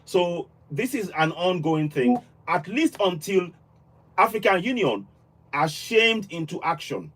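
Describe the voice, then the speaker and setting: Husky earnest male livestream host. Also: high voice, big pitch swings, unhurried, fairly bright tone. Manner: earnest, restarts and repeats words. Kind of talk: live call-in talk show.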